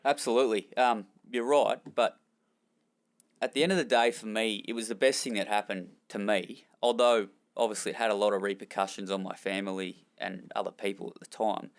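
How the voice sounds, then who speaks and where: A man's voice: fairly low pitch, fairly even intonation, brisk. A young Australian man, a former jockey, telling rambling, self-deprecating stories in an interview. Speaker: former jockey and trainer, guest. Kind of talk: candid storytelling in a podcast interview.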